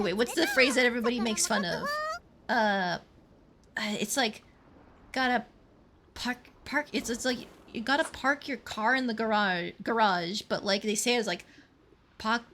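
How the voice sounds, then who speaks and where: A woman's voice: a little high, bright, forceful tone, slight background noise. A woman streamer giving playful, chatty commentary while fishing in a game, pleading with the fish. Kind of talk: casual let's-play commentary.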